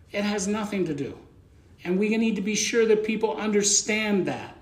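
A man's voice: sits high, roomy sound. A man preaching a conversational sermon as pastor, plain-spoken and folksy, often repeating words as he thinks aloud.

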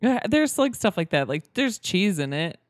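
A woman's voice: mid-range voice, very animated, moderate pace, dry recording, clean studio sound. A woman in casual film-review chat, giggly and full of "like" fillers.

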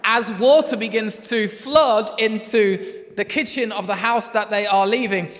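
A male pastor preaches in a loose, chatty storytelling way and breaks into laughter often. His voice sits high for a man. A long reverb trails each phrase, as in a large room. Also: unhurried, a bit bright. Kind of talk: sermon.

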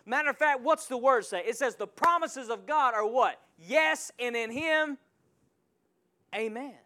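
A male pastor preaching a sermon in a church, calling out to the congregation and swinging from quiet asides to loud surges. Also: very high-pitched, measured pace. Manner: call-and-response preaching with sudden loud surges.

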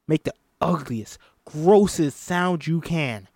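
Lively man reading a screenplay aloud. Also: medium pitch, moderate pace, no echo, studio quality. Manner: reads stage directions and voices all parts himself, animated. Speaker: script reader. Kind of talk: solo table read of a film script.

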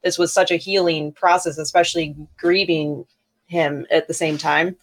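A woman's voice: fairly low pitch, steady tone, moderate pace. A young woman, an author and podcast co-host, speaking hesitantly in an interview with many fillers. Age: young adult. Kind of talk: candid conversational interview.

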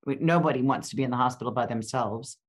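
This is an older woman with a very low, deep voice. She co-hosts a podcast in a loose, rambling way, full of fillers, restarts and side turns. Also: fast talker. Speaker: podcast co-host. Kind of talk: casual chat.

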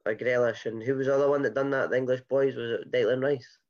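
A man's voice: medium pitch, fairly even intonation, fast, a little mellow, muffled recording. A Scottish man hosting a casual football podcast, chatty and rambling with many fillers and restarts. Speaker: podcast host.

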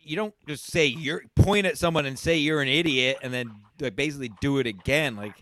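A man from Philadelphia hosting a crude comedy podcast, loud and profane, often shouting as he rants. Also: mid-range voice, brisk. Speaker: podcast host.

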